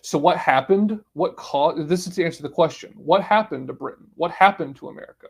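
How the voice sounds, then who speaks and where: Emphatic male podcast host, higher voice. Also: brisk, vocal fry, husky. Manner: emphatic, declaring positions point by point. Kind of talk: solo commentary.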